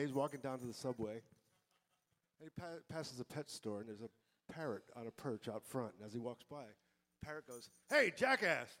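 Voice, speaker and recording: A man telling a long joke on stage at a live music gig, in a deadpan, unhurried way, through a stage microphone. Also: medium pitch. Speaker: joke teller at a band gig.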